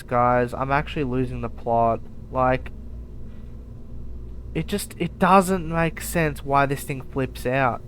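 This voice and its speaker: A man's voice: medium pitch, lively intonation, takes it slowly, long pauses, clear, resonant tone. A man giving live commentary over a space game, talking straight to his viewers, by turns muttering and exclaiming in exasperation. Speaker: gaming YouTuber.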